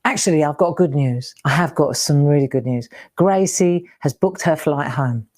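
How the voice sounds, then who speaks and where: A woman's voice: deep voice, normal speed, a little mellow, slight background noise. A middle-aged woman hosting a craft live stream, chatting and exclaiming as she looks through old keepsakes. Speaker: craft show host. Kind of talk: casual live-stream chat.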